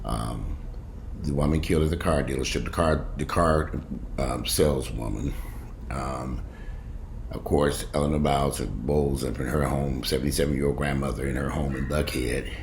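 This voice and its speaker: A man's voice: a bass voice, steady tone, moderate pace, creaky. A man giving casual news commentary at home, chatty and digressive, swearing freely. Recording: noisy home recording with dogs. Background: dogs barking and whimpering.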